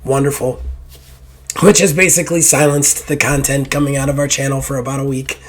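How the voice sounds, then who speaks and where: A hoarse man hosting a gaming podcast, rambling and self-deprecating in casual chat, swearing now and then. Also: medium pitch, flat delivery, fairly quick. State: hoarse after illness. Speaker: podcast host.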